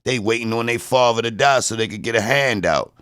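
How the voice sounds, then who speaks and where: A man's voice: mid-range voice, brisk, fairly bright tone, smooth. A man, trash-talking and mocking his chat viewers during a casual livestream rant.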